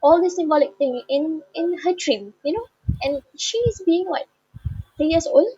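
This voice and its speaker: A woman tells an emotional personal story, halting and heartfelt, with many repeated fillers. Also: extremely high pitch, animated, warm tone, no echo. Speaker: bereaved daughter sharing a personal story. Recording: slightly dull, dry recording.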